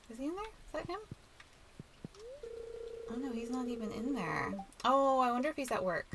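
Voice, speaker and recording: A woman with a nasal, stuffed-up voice, chatting softly and rambling as she hosts a relaxed game playthrough. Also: lowish voice, creaky, a little hiss or hum, rough recording. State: stuffy nose. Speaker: let's play host. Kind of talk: relaxed gameplay commentary.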